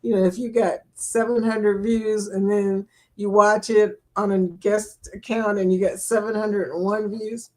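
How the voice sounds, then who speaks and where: A woman's voice: mid-range voice, little pitch movement, measured pace, hardly any pauses, mellow. A woman hosting a casual live chat, reading viewer comments aloud and laughing often. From England. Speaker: livestream host.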